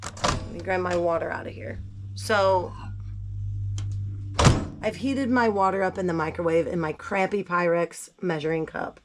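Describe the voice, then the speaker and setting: Heavy background noise surrounds a woman's lowish voice as she makes tea at home while sick with a cold. A gardening vlogger, she talks casually and bluntly to the camera in a kitchen how-to, poking fun at herself, her voice not at its best.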